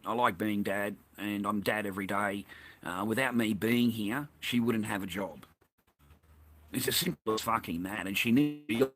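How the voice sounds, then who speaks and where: A man's voice: lowish voice, fairly bright tone. An Australian man in a rambling, heated, profane monologue, swearing constantly.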